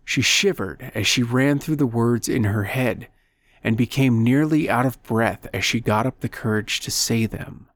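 A man narrating a short story in a measured, steady storytelling manner at a close microphone. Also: medium pitch, no echo. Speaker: audiobook narrator. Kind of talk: scripted narration.

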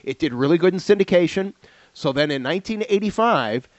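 Animated man telling TV stories. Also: a little high, no room sound. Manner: animated storyteller, does quick impressions. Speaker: podcast co-host. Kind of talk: casual retro TV chat. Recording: dull lo-fi sound.

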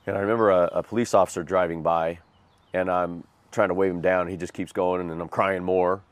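A guest shares his life story, recounting a hard chapter as a personal testimony with earnest, self-deprecating honesty and rueful laughs as he vividly retells it. His low voice stays fairly even in intonation, moves fairly quickly, and has no room sound.

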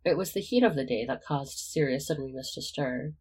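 A reader narrating a romantic fan fiction story in a steady, even manner. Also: mid-range voice, fairly quick, breathy edge, low-quality recording. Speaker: audiobook reader. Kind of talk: reading fan fiction aloud.

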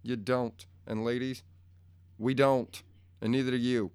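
A man's voice: mid-range voice, little pitch movement, measured pace, a little mellow, clear, resonant tone, no room sound. A man in a casual, profane rant to his viewers, blunt and crude, rambling and easily pulled off track, recorded at home. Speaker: vlogger. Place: home room.

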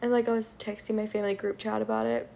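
Gravelly-voiced young woman ranting. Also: mid-range voice, flat delivery, fast, mellow. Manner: frustrated, profane, filler-heavy with many "like"s. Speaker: vlogger. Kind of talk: casual storytime rant.

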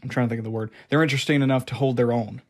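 A man's voice: mid-range voice, fairly even intonation, rapid-fire. A man giving a casual, unscripted review of a TV season, rambling with many fillers and restarts. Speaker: show reviewer.

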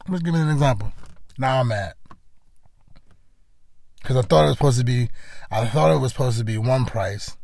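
A man with a rough, gravelly edge to his voice talks straight to the listener in a motivational monologue. He is earnest and conversational and circles back on his own phrases. The sound is close and dry, with no room around it. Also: medium pitch, a little fast, long pauses, a little mellow, no echo. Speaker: podcast host.

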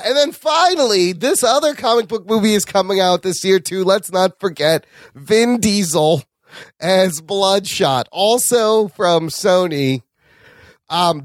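Lively animated male podcast host. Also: high voice, dry recording, studio quality. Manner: animated, leads the discussion, frequent "yeah". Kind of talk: casual chat.

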